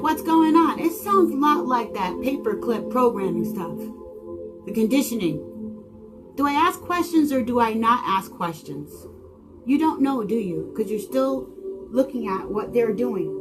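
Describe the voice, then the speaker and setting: A woman with a slightly high voice delivers a spiritual monologue, firing off dramatic rhetorical questions. She swings from loud exclaiming to hushed, intimate lines. Singing bowl music rings clearly beneath her. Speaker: channel host.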